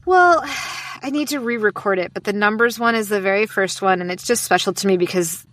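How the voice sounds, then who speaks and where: A woman's voice: medium pitch, fairly quick, a bit bright, a little hiss or hum. A woman with an American accent, a podcast guest chatting casually and upbeat with many restarts. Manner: chatty, upbeat, fillers and self-interrupting restarts. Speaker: podcast guest, sleep podcast host. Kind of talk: casual conversational interview.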